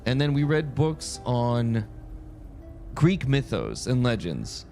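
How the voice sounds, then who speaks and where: A man's voice: mid-range voice, huge pitch swings, takes it slowly, creaky, mellow, soft background music. A man from France streaming a game, chatting casually in a rambling storytelling way that keeps breaking off and restarting. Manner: rambling, self-interrupting storyteller. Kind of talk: casual chat while playing.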